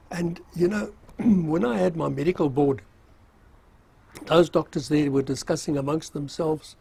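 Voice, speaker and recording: Older male storyteller, husky and gravelly, rambling, self-deprecating. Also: on the high side, dark tone. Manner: rambling, self-mocking, with frequent fillers and chuckles. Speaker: storyteller recalling army service. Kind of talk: casual spoken memoir.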